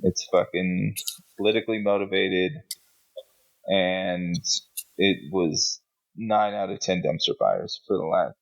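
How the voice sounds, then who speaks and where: A man with a low, gravelly voice, co-hosting a podcast in a blunt, sarcastic, cursing style. The audio sounds muffled and lo-fi. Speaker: podcast co-host. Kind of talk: casual chat.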